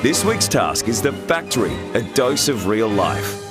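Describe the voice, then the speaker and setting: A man's voice: fairly low pitch, sing-song, measured pace. A man narrating a reality show in a dry, wry scripted delivery. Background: music bed.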